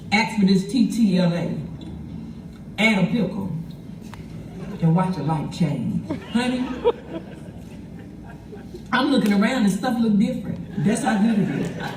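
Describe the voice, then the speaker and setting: A woman filming herself in her car, reviewing a sandwich with exuberant, drawn-out, gospel-style exclamations, speaking with her mouth full at times. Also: mid-range voice, darkish tone, a little hiss or hum. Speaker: food video creator. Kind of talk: casual selfie food review. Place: in a car, clip replayed in a meeting hall. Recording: video played over hall speakers, echoey from far off.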